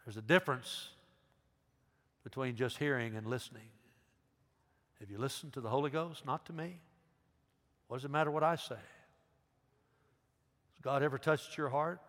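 A middle-aged man, a pastor giving an earnest altar call, swinging between loud emphasis and hushed pleading. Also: mid-range voice, fairly even intonation, moderate pace, pauses often. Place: large church sanctuary. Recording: long hall reverb.

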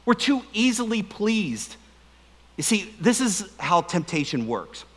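Man, pastor, high-pitched, animated, joking sermon. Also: unhurried. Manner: animated, joking, asks the crowd questions. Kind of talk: humorous sermon.

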